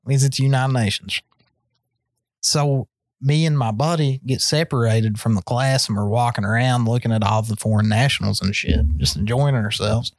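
A man's voice: moderate pace, no echo. A man spins a story for his podcast co-host, cussing freely and letting his voice leap up when the story gets good. His voice sits in a middle range and sounds close and dry on the mic, with no room sound. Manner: profane, animated storyteller with big pitch swings. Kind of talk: casual storytelling chat.

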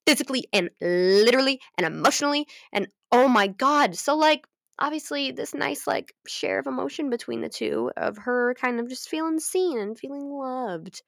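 A young adult woman recapping a story in casual chat, animated and profane, with many laughs. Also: on the high side, moderate pace, vocal fry, dry recording, studio quality. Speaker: fan fiction recapper.

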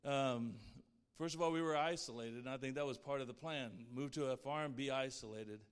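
A man's voice: mid-range voice, brisk, smooth, big-room sound. A man sharing a personal faith testimony in an earnest, heartfelt way. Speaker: guest speaker sharing his testimony.

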